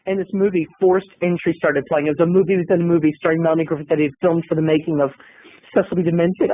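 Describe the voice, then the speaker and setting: A man telling a comic story about himself, acting out the lines of the people in it in squeaky voices. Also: steady tone, fast talker, no room sound. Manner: acts out quotes in squeaky high voices. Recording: tinny phone-like radio sound.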